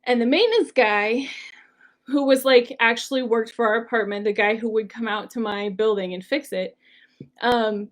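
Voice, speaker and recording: A woman's voice: a little high, moderate pace. A woman hosting a solo podcast, talking in an earnest, conversational way with frequent "like" and "um". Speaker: podcast host.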